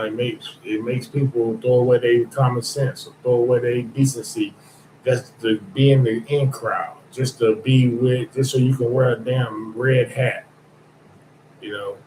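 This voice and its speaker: A man rambles through a casual podcast monologue, blunt and profane, full of restarts and asides. His voice sits at an ordinary pitch. The room around him is echoey, with faint background ambience. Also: darkish tone, a little hiss or hum. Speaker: podcast host.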